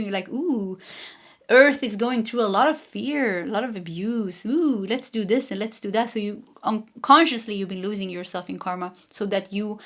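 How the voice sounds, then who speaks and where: Chatty woman reading tarot. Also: medium pitch. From Sweden. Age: 40s. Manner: chatty, laughs often, wanders off mid-sentence. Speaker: tarot reader.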